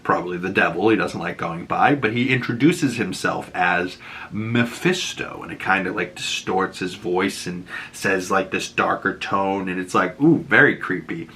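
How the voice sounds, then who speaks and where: A man's voice: deep voice, moderate pace, pushed and bright, a little hiss or hum. A man hosting a casual episode breakdown, talking in a chatty, rambling way full of fillers and laughing at his own jokes. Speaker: YouTube host reviewing a superhero show.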